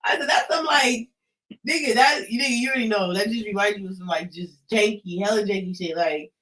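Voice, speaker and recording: A young man from California with a Californian accent, telling stories in a casual chat. He is animated, swears a lot and gets shouty when riled up. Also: high voice, brisk, distant mic, low-quality recording.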